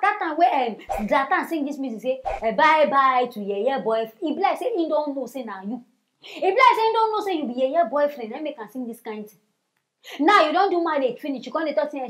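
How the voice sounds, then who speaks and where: A woman's voice: high-pitched, fairly bright tone. A Nigerian woman hosting a comic celebrity news show, mocking and scolding in gossip commentary.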